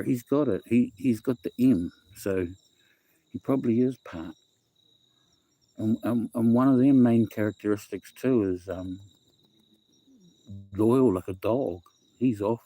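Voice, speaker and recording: On a dry recording, a middle-aged man with a Kiwi accent and a warm, medium-pitched voice hosts a casual phone livestream. He reads out viewers' comments, rambles, circles back over the same points and uses "bro" and "eh."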